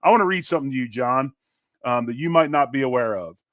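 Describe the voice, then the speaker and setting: A man's voice: mid-range voice, expressive, fast, no echo. Man hosting a sports podcast. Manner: plugs the show, then tells locker-room memories. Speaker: podcast host and former lineman. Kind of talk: casual sports podcast chat.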